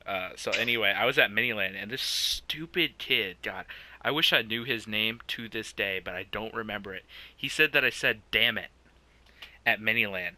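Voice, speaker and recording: A man's voice: lowish voice, moderate pace, bright, forceful tone. A young man co-hosting a podcast, telling a childhood story in casual chat, laughing often and swearing. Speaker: podcast co-host.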